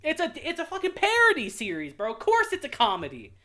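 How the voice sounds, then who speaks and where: A man's voice: extremely high pitch, huge pitch swings, a little fast, pushed and bright. A young man hosting his own channel, ranting in a heated, profane, exasperated way while reacting to a list. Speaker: anime reviewer, channel host. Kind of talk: casual reaction rant.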